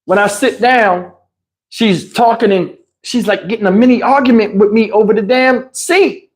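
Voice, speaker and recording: A man telling a comic story on a livestream in an animated, emphatic, slangy way, with lots of cursing, into a lapel mic. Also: high voice, moderate pace. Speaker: livestream host. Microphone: wireless lapel mic.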